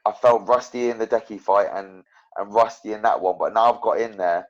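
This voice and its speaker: A young professional fighter, appearing as a guest in a casual interview, speaks in a lowish voice at a slightly quick pace. He rambles and tells stories with animation, packing his talk with fillers and restarts. The podcast audio is dull and lo-fi.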